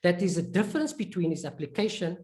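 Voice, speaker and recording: A woman teaching an online lesson, patiently repeating points, checking in with learners and slowly drawing out example words. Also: on the low side, very animated, mellow. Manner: slowly drawn-out word demonstrations. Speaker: Arabic reading teacher.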